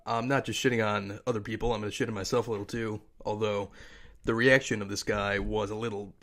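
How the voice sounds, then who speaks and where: A man's voice: fairly low pitch, level tone, quick pace, a bit bright. A young man hosting a podcast, telling a story in a casual, rambling way, swearing and laughing at his own story, from a desk mic in an office. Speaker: podcast host. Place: office with a humming noise. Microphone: home desk mic with static. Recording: faint static hiss.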